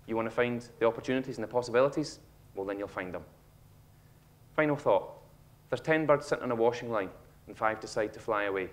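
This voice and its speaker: A man in his thirties with a Scottish accent, giving a humorous motivational talk on stage and acting out a child's lines with animated storytelling. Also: mid-range voice, quick pace. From Scotland. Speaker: speaker. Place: auditorium stage.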